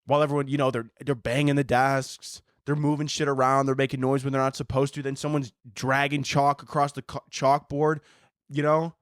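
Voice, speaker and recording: A man's voice: medium pitch, level tone, fairly quick, smooth, no room sound, clean studio sound. A man hosting a podcast, telling a rambling comedic story with swearing and frequent laughter. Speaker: podcast host. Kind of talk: comedic monologue.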